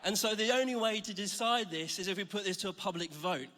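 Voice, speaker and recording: Bright, high-voiced man preaching in a hall. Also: fairly quick, a little hiss or hum. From Scotland. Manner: chatty, joking, self-deprecating storytelling. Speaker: church speaker. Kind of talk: sermon. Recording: reverberant hall.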